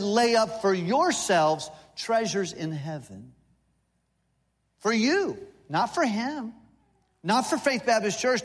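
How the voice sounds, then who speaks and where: A man's voice: sits high, breathy edge, big-room sound. A man in his sixties preaching a sermon in a church, folksy and humorous, with lists and playful asides. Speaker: visiting missionary preacher. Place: church sanctuary.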